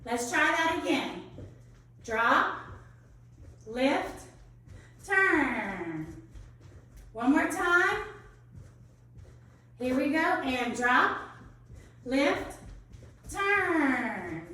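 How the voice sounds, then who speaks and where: A woman teaching children a dance lesson, calling out steps and counting in an encouraging, bright way. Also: sits high, expressive, takes it slowly, pauses often. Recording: echoey room from a distance.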